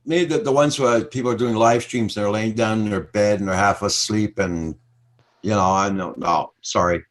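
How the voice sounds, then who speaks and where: A man's voice: on the low side, steady tone, normal speed. Man hosting a live drone chat; blunt, laughs easily. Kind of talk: casual live-stream chat.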